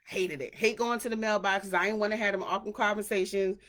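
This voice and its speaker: A woman hosting a casual solo podcast, chatty and animated, who acts out the voices of people she quotes. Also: mid-range voice, fast. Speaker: podcast host.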